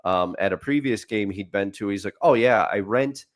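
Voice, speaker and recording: A man's voice: lowish voice, normal speed. A man co-hosting a sports podcast, telling stories in a rambling way, restarting sentences and laughing at his own tales. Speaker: podcast co-host. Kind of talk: casual sports chat.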